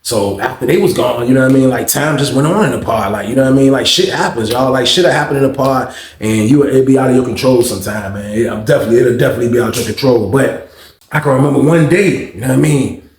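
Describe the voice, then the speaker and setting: A man's voice: mid-range voice, fast talker, reverberant. A man telling a prison story in loose, profane street talk. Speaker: storytelling host.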